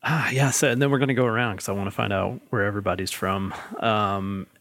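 A man hosting a casual panel chat, talking in a halting way with many fillers and no regional accent. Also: on the low side, steady tone, fairly bright tone, dry recording. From Alabama. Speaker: podcast host.

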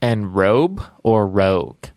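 A man taking part in a tabletop game as a player, asking earnest, quick questions. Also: lowish voice, lively intonation, darkish tone, no echo, studio quality.

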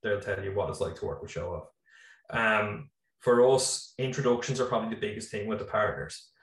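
A man's voice: on the low side, brisk. An Irish man in his thirties, a farmer and business founder, talking casually on a video call with lots of fillers. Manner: relaxed, rambling, many fillers. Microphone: computer mic on video call. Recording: echoey room, slightly distant mic.

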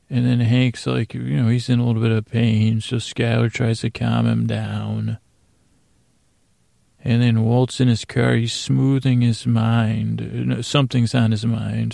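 A man's voice: mid-range voice, gravelly, dark tone, dry recording, studio quality. A man hosting a podcast, loosely recapping a TV episode from his handwritten notes, often correcting himself. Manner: loose, meandering, self-correcting. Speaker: podcast host.

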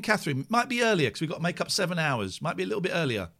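A man's voice: fairly high pitch, very animated, very fast, gravelly, background noise. A man hosting a casual live stream, rambling playfully and talking to himself as he clicks through tasks. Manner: rambling, playful, talks to himself while working. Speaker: streamer and radio-style host.

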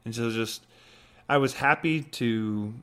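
A man's voice: mid-range voice, slow, a bit bright, clean tone. A man co-hosting a podcast, telling a family story in a loose, casual way full of "like". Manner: loose, filler-heavy retelling. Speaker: podcast co-host, husband.

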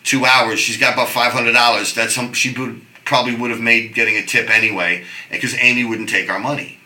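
A middle-aged man telling stories in casual chat, animated, swearing and restarting his sentences. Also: mid-range voice, a little fast, echoey room, rough recording. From New York. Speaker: guest.

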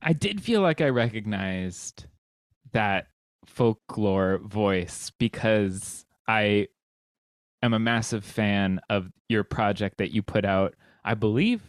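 Low-voiced man hosting a podcast. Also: no echo. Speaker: podcast host. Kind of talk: casual interview chat.

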